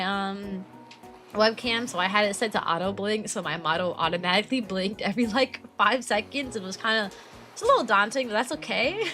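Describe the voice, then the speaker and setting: A young woman chats casually on her stream, answering viewers in a bright, lively voice that swings up and down a lot. She peppers her sentences with "like" and laughs easily. Soft music plays underneath. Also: mid-range voice. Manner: chatty, heavy use of "like", laughs often. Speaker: VTuber streamer.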